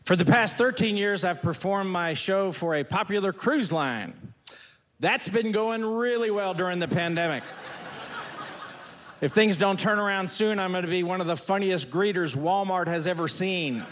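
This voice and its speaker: A man's voice: high voice, moderate pace, a bit bright, in a large hall. A man performing a stand-up routine, firing off folksy one-liners on stage before a laughing audience. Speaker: stand-up comedian.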